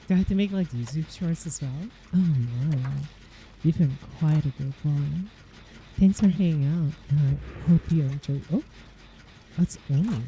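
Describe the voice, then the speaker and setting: A woman's voice: deep voice, mellow. A young woman streaming and chatting casually, reacting with giggly disbelief. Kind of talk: casual chat.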